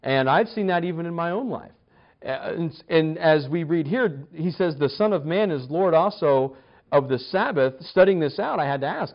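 A man's voice: on the high side, animated, normal speed, dull audio. A man preaching a sermon in a conversational, storytelling way, often restarting and stammering over his words. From United States. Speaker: pastor.

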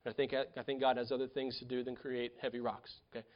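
A man preaching a conversational sermon as pastor, restarting phrases and swinging between loud emphatic points and quiet asides. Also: medium pitch, flat delivery, quick pace, muffled recording.

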